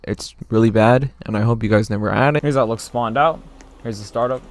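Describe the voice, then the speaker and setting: A man hosting a gaming channel, giving a plain, steady commentary that walks through car features. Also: mid-range voice, fairly quick, background noise. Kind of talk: gameplay commentary. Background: faint background music.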